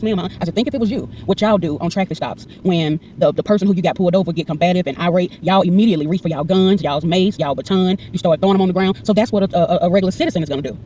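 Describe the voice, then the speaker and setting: Recorded from a distance with slight background noise, a woman in her forties with a fairly low voice vlogs to camera about something that happened to her. She acts out every exchange as quoted dialogue, growing heated and indignant as she retells it.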